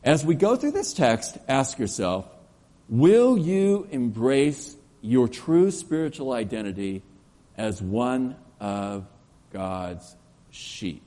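Lively pastor preaching in echoing church. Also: male voice, mid-range voice. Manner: animated storytelling, drops to soft slow emphasis. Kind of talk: sermon. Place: church sanctuary. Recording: long church reverb.

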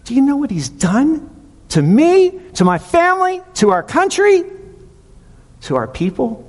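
A man voicing an angry, shocked townsperson in a high, indignant outburst, with a long hall echo. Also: huge pitch swings, measured pace, a little mellow, exaggerated voice. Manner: incredulous, high-pitched outburst.

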